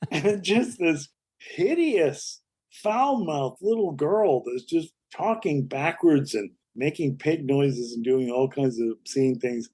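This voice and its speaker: Older man telling lively stories. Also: a little high, takes it slowly, slightly rough. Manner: lively anecdotal storytelling, acts out quoted voices. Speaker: comedy actor and writer, guest. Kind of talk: storytelling interview.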